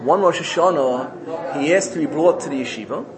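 Male rabbi, sermon storyteller, somewhat high voice, swings loud and soft. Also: expressive, moderate pace, crowd noise. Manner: storytelling, rising and loud when quoting characters, soft and low for the lesson. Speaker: rabbi giving a talk. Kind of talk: sermon telling a parable.

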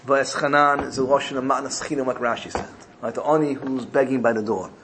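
A man giving an animated Torah sermon, telling stories and using Hebrew and Yiddish terms. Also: mid-range voice, fairly quick, slight background noise. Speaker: rabbi teaching Torah. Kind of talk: sermon with storytelling.

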